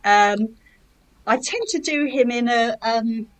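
A woman's voice: on the high side, slow pace, poor audio. A woman poet in a casual chat about her writing, talking hesitantly with many fillers. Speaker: poet and author.

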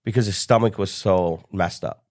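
A man's voice: sits low, moderate pace, no room sound, clean studio sound. A middle-aged man, a business coach and podcast guest, telling a story in casual conversation and acting out the voices of the people in it. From United States. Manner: animated storyteller acting out quoted dialogue.

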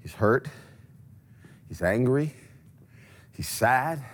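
A man preaching a sermon, telling a scripture story dramatically and swinging between loud passages and hushed ones. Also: mid-range voice, expressive, drawn-out words. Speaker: pastor.

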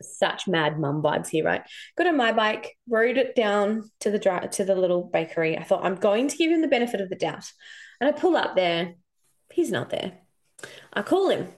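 Australian woman, 30s, casual podcast host; chatty, animated storytelling. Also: mid-range voice, moderate pace. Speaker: podcast host and intuition coach. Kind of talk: casual solo podcast talk.

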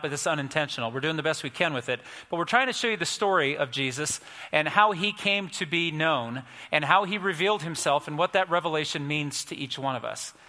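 A man's voice: a little high, bright, forceful tone. A man preaching a sermon as a pastor, with folksy, conversational storytelling. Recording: long reverb in a large hall.

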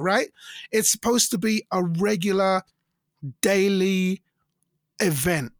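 A middle-aged man telling stories in a casual interview, animated and acting out the voices of people he quotes. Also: slow pace, pauses often, no room sound, studio quality. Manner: animated, acts out quoted voices with big pitch jumps. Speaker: singer and interview guest.

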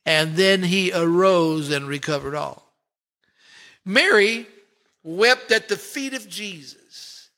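A man preaching a sermon in a high, bright voice. He leans on single words, slows to a near stop, then lifts again in rising swells. His delivery is deliberate and heartfelt, built for a congregation. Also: lively intonation. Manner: preaching with dramatic pauses and swells. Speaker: pastor.

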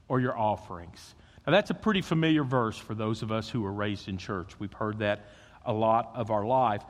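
A man preaching a sermon as pastor, swinging between loud emphasis and hushed, intimate tones. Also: sits high, big-room sound.

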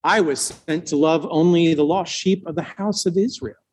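A man's voice: a little high, moderate pace, darkish tone, husky. A man voicing an aloof male teacher who coolly dismisses a foreign woman. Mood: cold.

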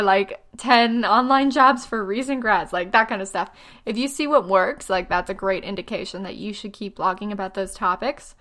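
A woman in her twenties giving blogging tips in a casual vlog, chatty and self-deprecating, with lots of fillers and quick asides, a little tired. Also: medium pitch, fairly bright tone. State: tired, yawning.

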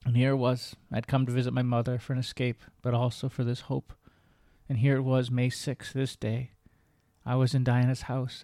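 Earnest male host reading his memoir, even delivery, dry close sound. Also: medium pitch, no echo. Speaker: podcast host.

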